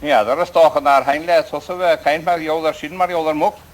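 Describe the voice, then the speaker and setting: Male actor as a bewildered sketch bloke, stumbling, slightly high. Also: steady tone, moderate pace, close to an everyday voice. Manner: confused, fumbling. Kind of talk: comedy sketch dialogue.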